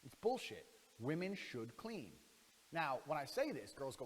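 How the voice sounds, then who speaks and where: A man's voice: a little high, big pitch swings, normal speed, husky. A man in a brash monologue, talking in a boastful, profane and mocking way. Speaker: internet personality in played clips. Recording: reverberant clips with music underneath.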